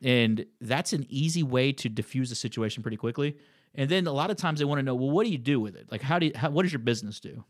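A man's voice: medium pitch, animated, fast talker, no echo, clean studio sound. A man telling stories from his land-buying business in a casual conversation. He acts out phone calls as he tells them. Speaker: land investor guest.

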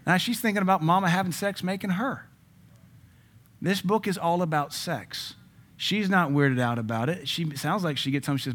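A man's voice: sits high, moderate pace, a bit bright. A man preaching a sermon, cracking jokes and dropping frequent amens between punchy points. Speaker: pastor.

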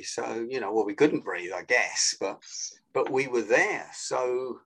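A man speaks as a guest over a video call, his voice at an everyday middle pitch. He explains things in a lively, animated way and acts out little phone greetings as he goes. The sound has the plain quality of a call recording. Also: gravelly, poor audio. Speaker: guest, sales and influence trainer. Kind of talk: explanatory interview talk.

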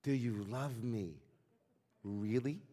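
A man's voice: medium pitch, animated, takes it slowly, a little mellow, in a large hall, pitched below the performer's own voice. A man voicing a drunk, needy Russian peasant with a slurred drawl, told as part of a sermon story. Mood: pleading.

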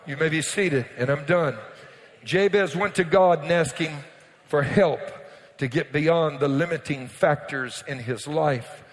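Loud preaching man in a reverberant church. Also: a little high, measured pace. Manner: shouting, exclamatory preaching with swings to quiet teaching. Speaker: pastor. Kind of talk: sermon. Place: church sanctuary with congregation. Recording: long reverb in a church hall.

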